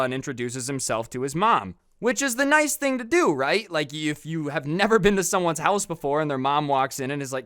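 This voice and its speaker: Young male vlogger, bright crisp voice, slangy storytime delivery, dry close mic. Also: mid-range voice, moderate pace, few pauses, no room sound. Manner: chatty, animated, slangy, acts out quoted voices. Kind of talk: casual storytelling.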